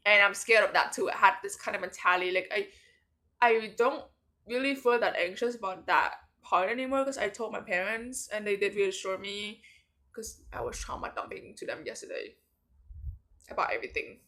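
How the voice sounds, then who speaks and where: A woman's voice: medium pitch, normal speed, pushed and bright. A young woman about to start university, rambling in a late-night confessional vlog with lots of fillers and a tired, sleepy tone. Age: young adult. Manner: rambling, filler-heavy talk with many likes. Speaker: vlogger.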